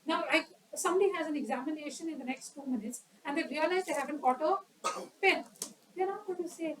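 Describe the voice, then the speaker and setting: A woman's voice: high voice, fairly quick, far from the mic, slight background noise, low-quality recording. A woman giving an educational talk on public speaking at a club meeting, quizzing the audience and acting out examples.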